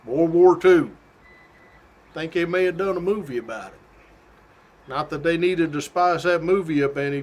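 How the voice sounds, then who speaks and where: A middle-aged state trooper telling a story from his job in a casual, animated way, laughing often. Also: a little high. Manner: animated, laughs often, folksy drawl-like phrasing.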